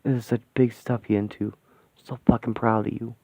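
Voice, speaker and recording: A man voicing a gruff, slangy ghost father in a radio play. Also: flat delivery, moderate pace, warm tone, dry recording. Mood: tender. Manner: rough slangy talk, lowered gruff voice. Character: ghostly street-tough father, gruff and tender. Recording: thin phone-like, dry sound.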